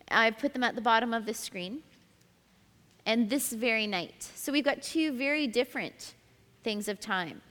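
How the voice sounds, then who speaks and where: A woman's voice: fairly high pitch, a bit bright, in a large hall. A woman leading a group Bible study, explaining each step and reading scripture aloud. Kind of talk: teaching a group study session.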